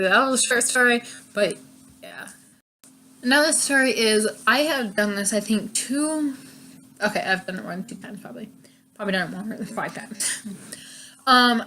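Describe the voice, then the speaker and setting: A woman's voice: medium pitch, bright, forceful tone. A young woman casually telling stories about her first job, chatty and full of fillers, laughing often. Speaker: vlogger. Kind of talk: casual storytime chat.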